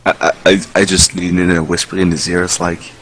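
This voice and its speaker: A man's voice: low voice, level tone, fairly quick, a bit bright, slightly rough. A man playing in an online tabletop game, giving brief, hesitant replies. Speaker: player. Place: online voice chat.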